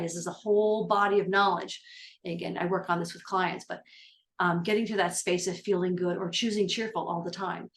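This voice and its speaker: Woman, middle-aged, life coach, low-ish pitch; casual rambling motivational talk. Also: a little hiss or hum. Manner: upbeat, rambling with fillers and restarts.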